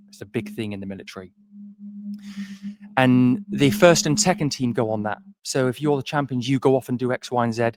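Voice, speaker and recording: A man with a mid-range, slightly mellow voice co-hosts a podcast, rambling through a long, self-deprecating story in casual conversation. He restarts his sentences many times along the way.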